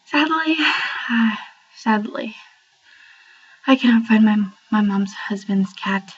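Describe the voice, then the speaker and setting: A woman's voice: medium pitch, flat delivery, moderate pace, lo-fi sound, slight background noise. A young woman filming an awkward, rambling video message at home. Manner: awkward, rambling, self-conscious. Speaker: vlogger. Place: family home, near the kitchen.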